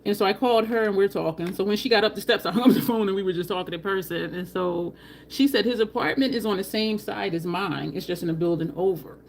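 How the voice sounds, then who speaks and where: A woman's voice: medium pitch, fast, gravelly, a little hiss or hum. A woman beauty vlogger, telling a story casually and expressively to her viewers, now and then swearing.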